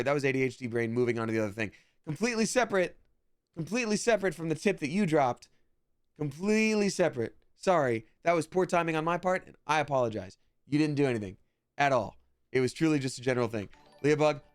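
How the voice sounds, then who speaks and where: A man's voice: a little high, expressive, fast, clean tone, dry recording. A man streaming live while he plays a game, chatting casually and upbeat, using slang and apologizing often. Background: loud game music.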